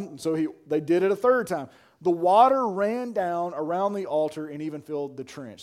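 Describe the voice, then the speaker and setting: Guy preaching a sermon, pretty high voice, goes from hushed to full-on shouting, says man and y'all a lot. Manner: animated, swinging from hushed to shouting. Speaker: pastor.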